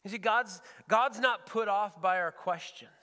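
A man's voice: high voice, measured pace, bright, forceful tone, long reverb tail. A man preaching as a pastor, earnest and often repeating words as he searches for the phrasing. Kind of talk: sermon. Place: church sanctuary.

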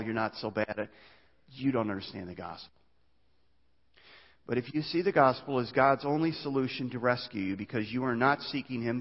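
Stammering male pastor preaching in a hall. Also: medium pitch. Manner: animated preaching with frequent stammered restarts. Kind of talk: sermon. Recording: dull reverberant hall sound.

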